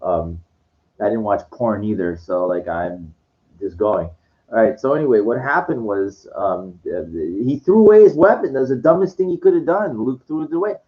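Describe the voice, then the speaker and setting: A man's voice: fairly low pitch, moderate pace. A tired, sugar-hyped man rambling in a casual monologue, full of stuttering restarts and swearing, on a dull lo-fi recording. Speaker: channel host.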